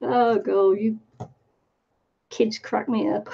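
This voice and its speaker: A woman's voice: fairly high pitch, steady tone, extremely slow, gravelly, mellow, husky. A woman hosting a crafting livestream, chatting casually and laughing often as she reads viewer comments. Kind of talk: casual chat while crafting. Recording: dull lo-fi stream audio.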